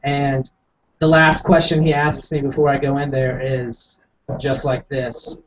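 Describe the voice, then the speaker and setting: A man's voice: fairly high pitch, moderate pace, fairly bright tone. A young man doing stand-up storytelling in a small coffee house, rambling and self-mocking, acting out the quotes. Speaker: stand-up comic. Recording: distant, dull lo-fi room recording.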